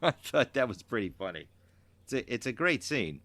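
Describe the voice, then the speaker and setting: A male podcast co-host in casual chat, relaxed and quick to laugh. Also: medium pitch, dry recording.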